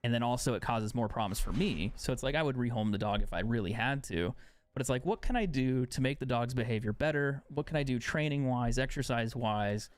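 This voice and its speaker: A man's voice: mid-range voice, a little fast, dry recording. A young man streaming a game live, chatting casually and sarcastically, swearing freely. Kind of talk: casual chat while gaming live.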